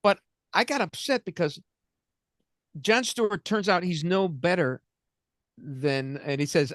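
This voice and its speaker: A man's voice: medium pitch, unhurried, no room sound. A man in his sixties hosting a comedic political talk radio show, rambling and joking as he talks. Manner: rambling, joking, self-interrupting. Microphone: studio mic.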